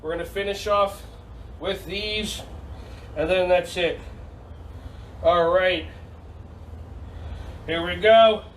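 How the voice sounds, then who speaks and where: A man teaching a silly, energetic online yoga and karate class for kids, teasing them and calling out counts over a video call. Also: high voice, slow pace, long pauses, recorded from a distance, slight background noise, poor audio. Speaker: kids' yoga and karate instructor. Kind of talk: playful online kids' class.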